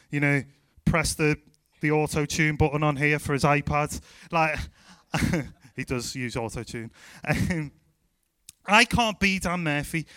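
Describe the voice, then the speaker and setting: A Scouse man preaching with an energetic, emphatic delivery. His voice is bright and smooth, recorded close and dry with no room sound. He sits a little high for a man. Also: dry recording. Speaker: youth pastor. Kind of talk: sermon.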